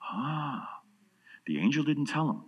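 A man preaching a sermon with lively delivery, dropping to hushed tones and rising to loud emphasis. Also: mid-range voice, normal speed, muffled recording. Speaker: pastor.

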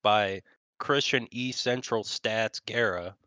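A man's voice: fairly low pitch, slow, bright, forceful tone, clear, resonant tone, no echo. A man who plays in the league, talking casually with brash, competitive trash talk. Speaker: pro player and co-host. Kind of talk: casual esports chat.

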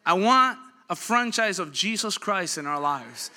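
A pastor in his thirties with a high, very bright and tense voice. He preaches dynamically, moves from quiet storytelling to loud, driving peaks, and acts out the people in his stories. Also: lively intonation, measured pace. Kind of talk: sermon.

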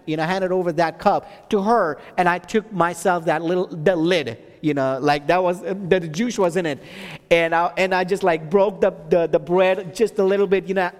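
Male preacher with a high voice, testimony-style sermon, halting delivery that builds to emphasis; long reverb from a big hall. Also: steady tone. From Texas. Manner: storytelling with many restarts and fillers, rising to emphatic preaching.

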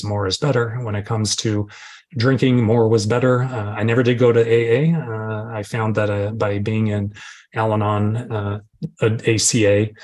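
A man's voice: on the low side, husky. A middle-aged man giving a candid, self-deprecating recovery share, acting out his own inner voices. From Arizona, USA. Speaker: recovery speaker.

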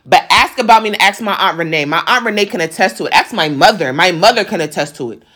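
A woman's voice: fairly low pitch, animated, quick pace, fairly bright tone. Emphatic woman telling a story in slang. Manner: emphatic, slangy, addresses viewers directly. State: on the verge of tears. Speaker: vlogger telling a personal story. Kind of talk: casual storytelling to viewers.

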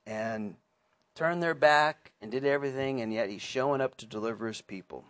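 A man's voice: mid-range voice, moderate pace, fairly bright tone. Chatty man teaching a Bible study. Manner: chatty and earnest, with many restarts and asides. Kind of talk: conversational sermon.

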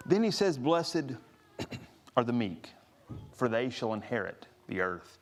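A man's voice: medium pitch, sing-song, slow. A man preaching a sermon, earnest, rising to stress each scripture he quotes. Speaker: pastor.

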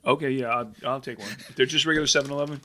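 A man co-hosting a casual podcast chat, laid-back and quick to laugh. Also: medium pitch, fairly even intonation, pushed and bright. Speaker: podcast co-host.

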